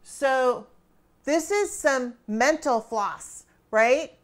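A woman teaching a grammar lesson, quizzing her students with questions and pauses and praising right answers. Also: high voice. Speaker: Spanish teacher.

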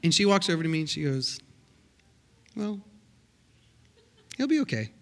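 A man's voice: fairly high pitch, moderate pace. A middle-aged man preaching as a guest pastor, telling comic stories with acted-out quotes in a church sanctuary. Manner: animated, comic storytelling with voiced quotes. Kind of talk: sermon with storytelling.

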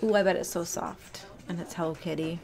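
A young woman narrates a casual shop-with-me vlog into a handheld phone while walking through an indoor store, chatting away, gushing over cute items and saying um a lot. Her lowish voice is steady in tone, fairly quick and a little mellow, with a little hiss or hum.

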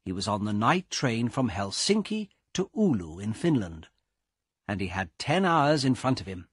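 A man reading a story aloud for English learners in a careful, deliberate way. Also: lowish voice, sing-song, no echo, studio quality. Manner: slow, clear, carefully paced reading. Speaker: audiobook narrator. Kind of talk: scripted narration for English learners.

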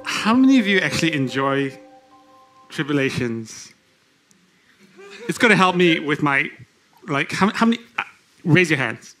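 A man preaching a sermon, asking the congregation questions and reading scripture slowly, with frequent restarts. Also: a little high, very animated, sharp tone, soft background music. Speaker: lay preacher.

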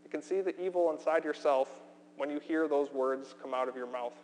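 A man preaching a sermon as pastor, earnest and emphatic, slowing down with deliberate pauses for weight. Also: on the high side, a little mellow. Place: church sanctuary. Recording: long hall reverb, faint hum.

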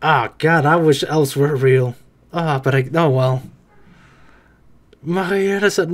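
A casual reaction-video voice that jokes its way through an anime episode. The delivery is slow and drawn out, with mid-range pitch, and it breaks into loud excited outbursts.

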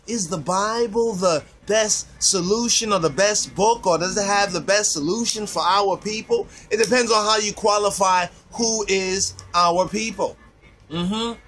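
Preaching man with a fairly high voice. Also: fairly bright tone. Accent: Rastafari "I and I" speech. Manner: reads verses aloud, frequent "right?" tags. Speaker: Rastafari preacher. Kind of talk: scripture teaching sermon.

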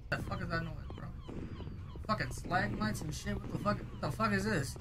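This woman, a gaming streamer with a medium-pitched voice, speaks briskly against a noisy background of game music and vehicle sounds. Her live play-by-play is full of rowdy, foul-mouthed trash talk.

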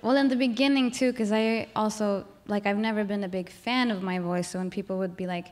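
A thirtysomething Swedish woman, there as a guest singer, talks briskly with few pauses in a steady, darkish tone at an everyday pitch. It's a candid onstage interview before a live crowd, and she rambles and restarts, leaning on "like" and laughing frequently.

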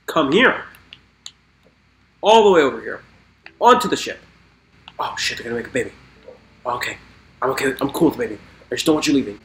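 A man giving excitable let's play commentary while gaming, swearing and talking to the creatures in the game. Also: mid-range voice. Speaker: gamer. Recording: roomy echo with faint music.

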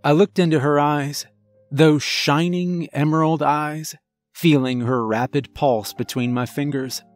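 A man narrating a first-person horror story in a measured, dramatic storytelling manner. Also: on the high side, fairly even intonation, dry recording, faint music behind.

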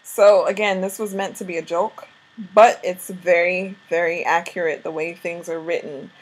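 A woman co-hosting a home vlog, casually teaching words, often laughing and slowly repeating words to coach. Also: lowish voice, fairly even intonation, breathy edge.

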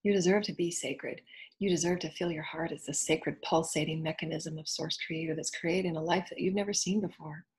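Husky-voiced woman giving a spiritual talk. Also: low-pitched, fairly even intonation, a little fast. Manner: soft, repetitive affirmations; earnest, flowing, at times whispered. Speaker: spiritual teacher.

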